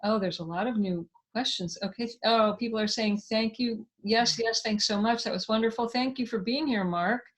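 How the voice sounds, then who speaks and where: A woman's voice: a little high, normal speed, hardly any pauses. A woman hosting a live online talk, effusive and enthusiastic, reading viewer comments aloud and thanking her guest. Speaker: host. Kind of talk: live online interview wrap-up.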